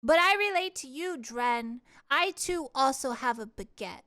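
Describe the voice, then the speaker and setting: Young woman streamer goofing around with chat, high bouncy voice, lots of giggles. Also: expressive, measured pace, sharp tone. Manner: giggly, playful, mock French accent attempts. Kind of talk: casual chat reading live chat.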